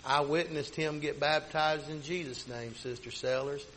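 A man's voice: a little high, steady tone, moderate pace, fairly bright tone, slight background noise, poor audio. A middle-aged man, a pastor telling a personal story in a rambling, folksy sermon style. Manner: folksy, rambling with many restarts.

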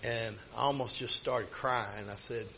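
A man's voice: mid-range voice, steady tone, measured pace, creaky, bright, forceful tone, slight background noise, low-quality recording. A middle-aged man, a pastor telling a personal story in a rambling, folksy sermon style. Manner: folksy, rambling with many restarts.

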